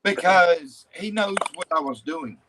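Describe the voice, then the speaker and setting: A man's voice: fairly high pitch, a little slow, noisy background. A man in casual chat, arguing his point insistently. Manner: argumentative, insistent.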